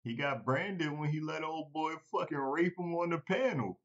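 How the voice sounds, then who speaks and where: A man's voice: on the high side, normal speed, dull audio. A man chatting casually as a podcast host, loose, rambling and profane. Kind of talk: casual chat.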